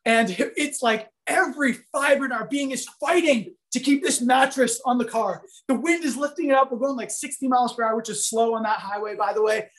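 A man giving a sermon, telling a story in an animated, conversational way full of fillers. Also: extremely high pitch, fairly quick, hardly any pauses. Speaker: preacher.

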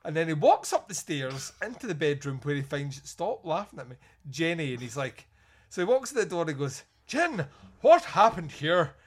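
A man hosting a podcast, reviewing a film in casual chat, animated and swearing often. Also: on the high side, brisk. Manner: animated, swearing, acts out lines in loud voices. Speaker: podcast host.

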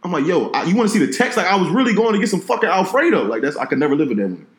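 A young man in casual chat, telling animated stories about his parents and quoting them. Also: high-pitched, very fast, roomy sound. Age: young adult.

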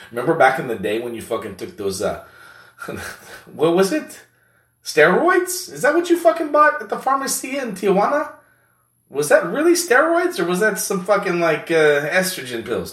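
Crude teasing buddy voice pitched way up, a guy doing it himself, swears nonstop, echoey room, mic kinda far. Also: fairly bright tone. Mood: taunting. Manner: crude, taunting, constant swearing. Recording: roomy echo, distant mic.

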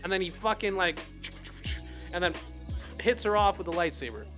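A young man co-hosting a casual podcast, excitedly retelling a show scene with sound effects and swearing. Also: sits high, normal speed, soft background music. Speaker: podcast co-host. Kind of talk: casual chat.

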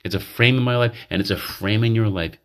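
A man hosting a podcast rambles through a confessional monologue in a manic state, cutting himself off and restarting again and again. He has a lowish voice and a brisk pace.

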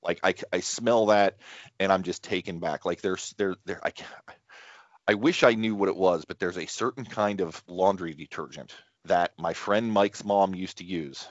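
A man's voice: low voice, moderate pace, no echo. A middle-aged man co-hosting a podcast, telling loose stories in casual chat and often restarting his sentences. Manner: rambling, self-interrupting storyteller with many restarts. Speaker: podcast co-host. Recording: dull lo-fi sound.

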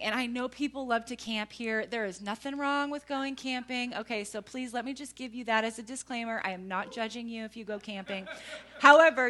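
Animated, bright-voiced woman preaching. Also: on the high side. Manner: animated storytelling, emphatic asides to the audience. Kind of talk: sermon with personal story.

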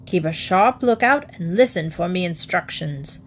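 Gruff old seafaring admiral, barking orders; a woman reader doing the voice. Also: expressive, normal speed, a little hiss or hum. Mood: blustering. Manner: booming seafaring bark, dropped g's. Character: gruff old male sea admiral, blustering.

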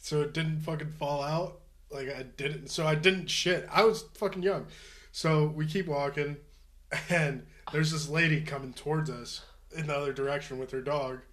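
A man's voice: a little high, steady tone, moderate pace, fairly bright tone. A man co-hosting a podcast, telling a crude story in casual chat, swearing freely and laughing as he goes. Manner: profane, laughing anecdote teller. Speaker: podcast co-host.

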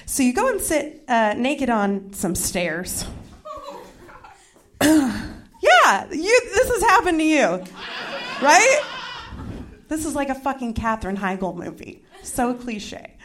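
A young woman telling a self-mocking story in a stand-up comedy set, with quick asides to the crowd. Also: high voice, lively intonation.

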